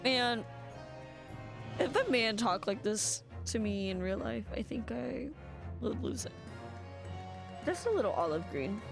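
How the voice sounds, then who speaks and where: A woman's voice: on the high side, sing-song, a little slow, vocal fry, long pauses. A woman streaming a video game, chatting casually and rambling with lots of giggles. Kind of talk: casual chat while playing a video game. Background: game music.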